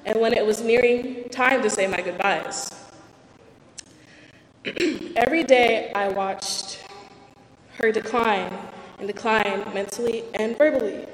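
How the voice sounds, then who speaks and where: A woman's voice: on the high side, slow, pauses often, roomy sound, in a large hall, poor audio. A young woman reading out a candid, self-deprecating personal talk about faith and her own life. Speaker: speaker giving a personal testimony.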